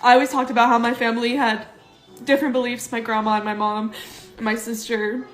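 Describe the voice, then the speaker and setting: A woman's voice: fairly high pitch, level tone, brisk, fairly bright tone, echoey room, soft background music, poor audio. A woman talking earnestly and emotionally in a personal social media video.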